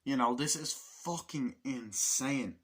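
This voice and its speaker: A man giving a casual movie review, excitable and swearing constantly, acting out scenes in raised voices. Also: mid-range voice, slow, husky.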